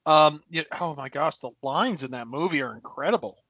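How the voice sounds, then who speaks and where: A man who is a guest on a podcast, chatting casually about movies and excitedly saying oh my gosh. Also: fairly high pitch, moderate pace, dry recording.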